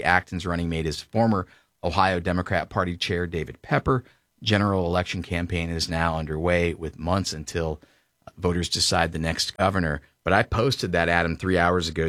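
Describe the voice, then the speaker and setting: A man's voice: low voice, fairly bright tone, no room sound, studio quality. A man hosting a political talk radio show, chatting in an opinionated, bantering way.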